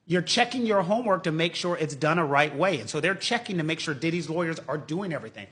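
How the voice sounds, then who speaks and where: A man's voice: on the high side, fast. A middle-aged man, a lawyer, giving casual legal commentary and acting out quotes in mocking voices. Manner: animated, mocking, acts out quotes.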